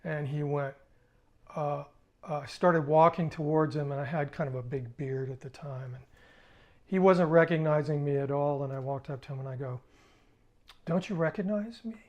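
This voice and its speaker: An older man, a musician, recalling his past in a casual, halting spoken story with restarts. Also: a little high, fairly even intonation, darkish tone, highs cut off.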